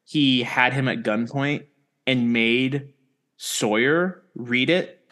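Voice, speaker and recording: Guy cohosting a podcast, average pitch, just walking thru the plot step by step. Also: takes it slowly, sharp tone. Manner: plain storytelling, recapping the plot step by step. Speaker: podcast co-host. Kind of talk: casual chat recapping a TV episode.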